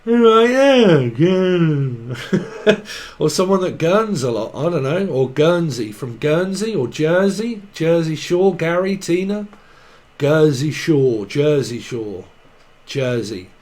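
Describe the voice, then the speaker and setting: Man, tarot reader, slightly high voice, rambling wordplay, giggly. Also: lively intonation, takes it slowly, a little mellow. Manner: free-associating wordplay, giggly asides. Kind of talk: rambling tarot channelling monologue.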